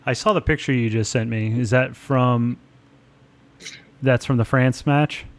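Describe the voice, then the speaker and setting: A man's voice: medium pitch, steady tone, a little slow. A man co-hosting a podcast, joking and teasing his partner with crude, casual banter. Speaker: podcast co-host. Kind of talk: casual sports chat.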